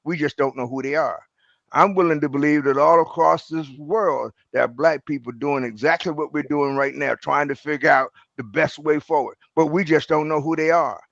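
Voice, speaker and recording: A man with a gravelly voice speaks earnestly and reflectively on a political panel. The sound is dry and close. It is also a little dull and lo-fi. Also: fairly high pitch, steady tone, moderate pace, fairly bright tone, no room sound. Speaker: political roundtable guest. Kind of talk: political discussion.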